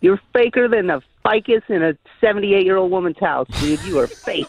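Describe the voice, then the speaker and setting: A man's voice: sits high, moderate pace, slight background noise. A man calling in to a radio show, ranting and hurling insults. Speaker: caller. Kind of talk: call-in rant. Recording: dull phone-in audio.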